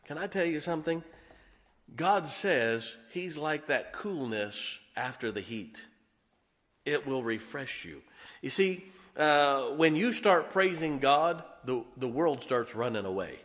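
A man preaching as a Baptist pastor, telling animated personal stories and asking his congregation to listen up. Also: fairly high pitch, slow. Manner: animated storytelling, keeps asking the congregation "can I tell you something". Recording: long reverb of a large hall.

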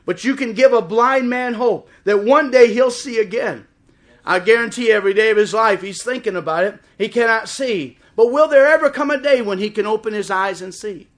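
A middle-aged man preaching a sermon in church, impassioned and swelling toward shouts. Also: high voice, normal speed. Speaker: pastor. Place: church service before a congregation.

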